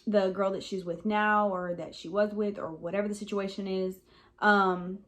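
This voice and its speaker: A woman's voice: medium pitch, steady tone, moderate pace, fairly bright tone. A young adult woman telling a personal story in a casual vlog, rambling and frank with many "um"s and "like"s. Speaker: vlogger.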